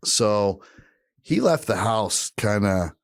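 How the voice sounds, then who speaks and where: A man's voice: fairly low pitch, takes it slowly, dry recording, studio quality. A man hosting a podcast, telling a family story casually, swearing freely and acting out the people in it. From Eastern Kentucky family roots. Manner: profane, animated, acts out quoted voices. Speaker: podcast host.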